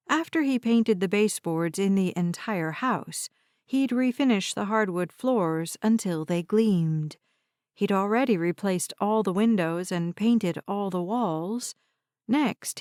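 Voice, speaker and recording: A woman narrating a novel in a measured, deliberate way. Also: mid-range voice, dry recording, clean studio sound. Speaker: audiobook narrator. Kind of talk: scripted narration.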